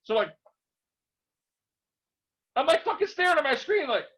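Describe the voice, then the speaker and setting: A man ranting casually to camera as a vlogger, excitable and rambling, swearing constantly. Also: extremely high pitch, moderate pace. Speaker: YouTube vlogger. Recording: dull lo-fi recording.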